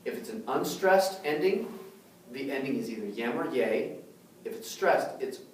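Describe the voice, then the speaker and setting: A man's voice: mid-range voice, lively intonation, moderate pace, distant mic, a little hiss or hum. A man teaching a language class, explaining patiently and often checking in with the students. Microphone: far camera. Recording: very echoey room, recorded from afar.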